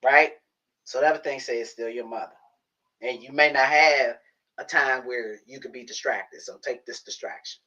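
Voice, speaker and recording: Bright-voiced woman telling a home story. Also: very deep voice, moderate pace, muffled recording. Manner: animated, acts out conversations, talks to herself. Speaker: livestream host. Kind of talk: casual storytelling to viewers. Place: home office.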